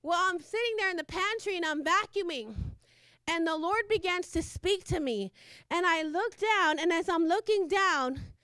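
Very high-voiced woman preaching fervently. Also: normal speed, pushed and bright, no room sound, studio quality. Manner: fervent, repetitive, laughs between phrases. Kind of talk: sermon.

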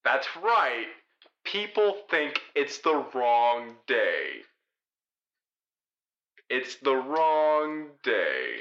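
A man voicing a smug, all-knowing male world leader in a comedy audio sketch, deadpan and self-aware. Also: mid-range voice, extremely slow, pauses often, full character voice. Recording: echoey muffled room recording.

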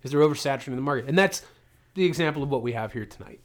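A man co-hosting a casual movie podcast, his pitch sitting in an ordinary middle range. He rambles and swears freely, leaning on fillers like "like" and "um" as he talks. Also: lively intonation, rapid-fire. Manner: loose, profane, rambling with many fillers. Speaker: podcast co-host. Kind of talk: casual movie review chat.

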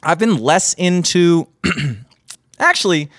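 A man's voice: a little high, takes it slowly, no room sound, studio quality. Profane, joking man on a podcast. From Greek and Italian heritage. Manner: profane, animated joke-telling. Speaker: podcast co-host. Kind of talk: crude casual podcast banter. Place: remote podcast recording.

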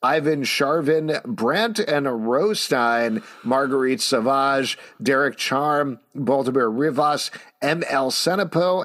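A middle-aged man co-hosting a casual comic book review podcast, acting out character lines as he talks. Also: medium pitch. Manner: animated, acts out character lines mid-sentence. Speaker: podcast co-host.

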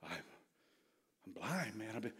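A man's voice: sing-song, measured pace, slightly rough, heavily acted. A man playing a desperate blind beggar. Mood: weary. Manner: shrill desperate shouting, then weary and low. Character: blind male beggar crying out for mercy.

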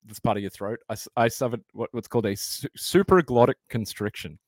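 A man's voice: medium pitch, animated, fairly quick, a little mellow, dry recording, clean studio sound. A man with an Australian accent, a podcast guest rambling through casual explanations with plenty of fillers. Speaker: podcast guest, former band vocalist.

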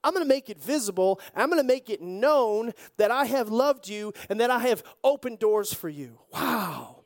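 A pastor preaching a sermon with lively storytelling and jokey asides. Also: mid-range voice, normal speed.

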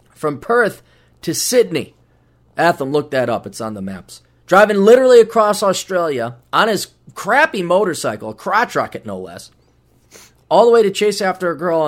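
A male podcast host talks in a loose, rambling monologue, with a voice that sits fairly high and swings up and down a lot. He swears freely and slips into quick put-on voices while telling stories. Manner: rambling, profane, animated, acts out voices. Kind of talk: casual monologue plugging books.

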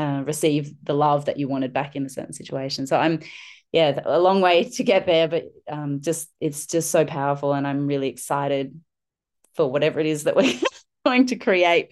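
Woman, middle-aged, low voice, podcast guest, earnest reflective storytelling. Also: darkish tone. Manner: earnest, searching, with frequent fillers and restarts. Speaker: podcast guest, parenting mentor.

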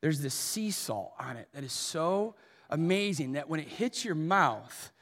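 A man preaching a sermon as pastor, telling funny self-deprecating stories in an animated way. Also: fairly high pitch, measured pace, long reverb tail. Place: church auditorium.

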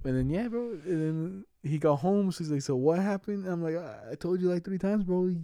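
A young man with a very dark, mellow voice spins stories in laid-back chat, full of slang and swearing. He laughs through his lines. The room is dry and close. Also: high-pitched, expressive, moderate pace, no room sound. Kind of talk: casual chat.

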